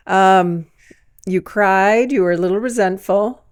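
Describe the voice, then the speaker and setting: A woman's voice: mid-range voice, takes it slowly, clear, resonant tone, dry recording, studio quality. A middle-aged woman co-hosting a podcast in casual chat, teasing and laughing often. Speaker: podcast co-host.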